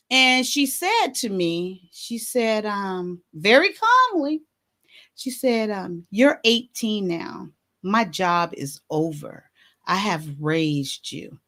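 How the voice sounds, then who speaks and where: A woman hosting a vlog, telling a personal story in a candid, halting way with many fillers. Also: fairly high pitch, fairly bright tone. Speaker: vlog host.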